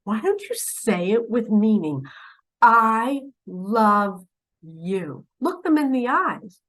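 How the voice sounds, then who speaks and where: Dramatic, slow-talking woman spiritual teacher. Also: on the high side, very animated, rough recording. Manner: dramatic, swinging from loud urging to hushed asides; preachy, asks the listener pointed questions. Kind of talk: direct-to-camera spiritual talk.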